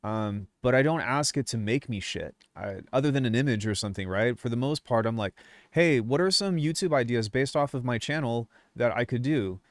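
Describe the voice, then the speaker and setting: A man's voice: medium pitch, expressive, fairly quick, no echo. A young man ranting casually on his music channel, swearing often and rambling through restarts as he gets worked up. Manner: swears a lot, rambling, fired up. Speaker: music producer YouTuber. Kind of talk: casual livestream rant.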